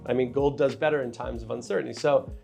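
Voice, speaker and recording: Gravelly-voiced man talking market outlook. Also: mid-range voice, steady tone, quick pace, a little mellow, faint music behind. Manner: candid, joking asides to viewers. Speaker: finance video host and trader. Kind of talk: casual market commentary to camera.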